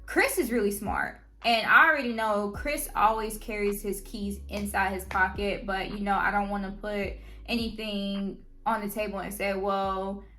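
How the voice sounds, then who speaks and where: A young adult woman telling a personal story on her channel, in a slangy, animated way. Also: mid-range voice, normal speed, few pauses. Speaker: vlogger. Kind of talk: casual storytime.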